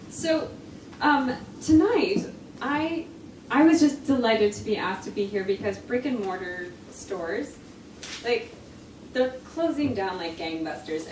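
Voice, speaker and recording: A woman author giving a chatty, laughing talk at a live reading in a bookstore. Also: medium pitch. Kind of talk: casual talk at a live book event. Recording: echoey shop, mic from far off, faint noise.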